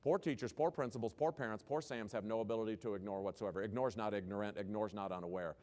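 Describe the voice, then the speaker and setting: A man giving a humorous, animated conference keynote and asking the audience questions. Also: lowish voice, quick pace. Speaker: keynote speaker.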